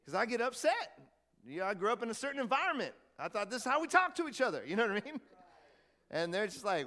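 A man preaching to his congregation in a loose, conversational way, often checking in with them through questions. His voice sits high for a man. The sound carries the long reverb of a church hall. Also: sing-song, fast talker, bright, forceful tone. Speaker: pastor. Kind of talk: sermon.

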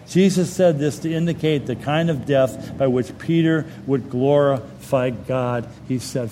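A man preaching a sermon, retelling scripture in a lively, colloquial storytelling way. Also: mid-range voice, measured pace, hardly any pauses, a little hiss or hum.

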